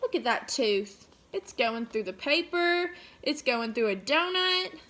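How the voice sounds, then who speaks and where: A woman teacher reading a picture book aloud to children, pausing to ask gentle questions. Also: high-pitched, animated.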